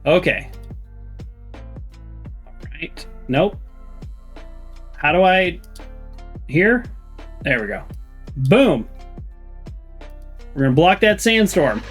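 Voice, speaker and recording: A man with a voice pitched a little high talks through a detective game, joking and wandering off on tangents. His pitch swings around a lot, and faint music plays behind him. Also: very animated, very slow, long pauses, slightly rough. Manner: jokey, rambling, reads characters' lines in playful voices. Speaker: let's play host. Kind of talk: game playthrough commentary, reading dialogue aloud.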